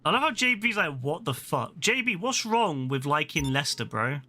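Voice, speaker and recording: Playful swearing gaming streamer. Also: male voice, a little high, sing-song, moderate pace, sharp tone, a little hiss or hum. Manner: rambling, playful, swears and laughs often. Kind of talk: casual gameplay commentary.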